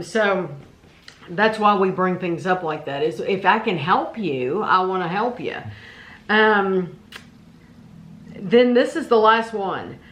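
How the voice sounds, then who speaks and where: A middle-aged woman with a Kentucky accent talks in an easygoing, rambling way, restarting her sentences as she co-hosts a vlog. Her voice sits at a middle pitch and carries an echo from the room around her. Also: fairly bright tone. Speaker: vlog co-host. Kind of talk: casual chat.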